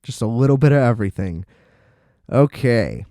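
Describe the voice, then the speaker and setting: A man's voice: medium pitch, lively intonation, moderate pace, dark tone, no echo, clean studio sound. A man hosting a podcast, ranting sarcastically about a film, exasperated and laughing often. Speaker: podcast host. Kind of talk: casual rant review.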